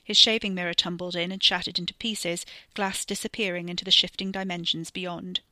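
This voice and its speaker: A woman reads dark fiction in a measured, deliberate voice that slows down at tense moments. Her tone is bright and a little low, and the sound is dry and close with no room around it. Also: little pitch movement, no room sound. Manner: measured, slowing for tension. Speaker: podcast storyteller. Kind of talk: scripted narration.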